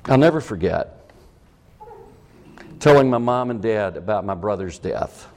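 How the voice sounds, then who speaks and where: Animated preaching man. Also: a little slow. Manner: animated preaching, rising to emphatic high peaks. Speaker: pastor. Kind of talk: sermon.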